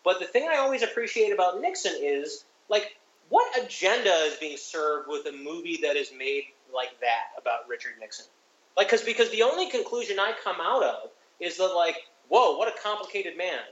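A man with a fairly high voice weighs up a film in a thoughtful, rambling way. He is recorded on a dull, lo-fi mic in a roomy, echoey space. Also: sing-song, moderate pace, fairly bright tone. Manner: thoughtful, rambling, many fillers. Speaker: podcast co-host. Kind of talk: casual film discussion.

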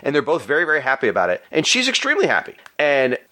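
Male podcast host, chatty, laughs easily, bright and animated delivery. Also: mid-range voice, very fast. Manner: animated, chatty, laughs often, breaks into silly voices. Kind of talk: casual podcast chat about comics.

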